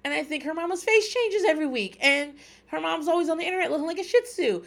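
A woman's voice: very high voice, quick pace, vocal fry. A woman hosting a podcast, chatting casually and candidly, swearing freely and laughing often. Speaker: podcast host. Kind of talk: casual recap chat.

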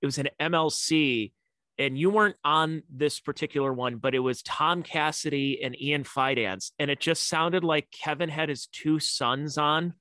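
Bright-voiced man, chatty and laughing. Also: on the high side, fairly even intonation, normal speed, no echo. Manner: laughs often, chatty anecdotes. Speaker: podcast co-host. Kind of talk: casual comedy podcast chat.

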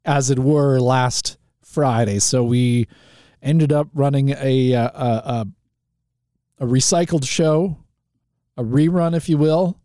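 Slow-talking man hosting a call-in show. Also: mid-range voice, mellow, no echo, clean studio sound. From Canada. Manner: chatty, rambling with fillers and restarts. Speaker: talk show host. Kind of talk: casual call-in show monologue.

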